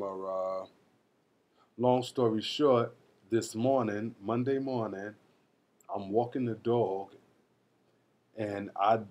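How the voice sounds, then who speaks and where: A young man vlogging, telling a story to the camera in a casual, animated way, swearing often. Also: lowish voice.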